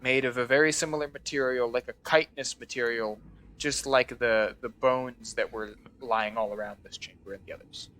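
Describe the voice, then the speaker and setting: A man narrating a tabletop game as game master, describing items slowly and searching for words. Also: medium pitch, fairly even intonation, a bit bright.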